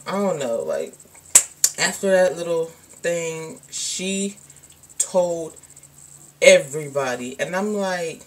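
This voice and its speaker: A woman's voice: on the low side, big pitch swings, takes it slowly, long pauses. A young woman vlogger telling a personal story in a casual, rambling way, full of "like" and "um". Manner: rambling, candid, lots of "like" and "um".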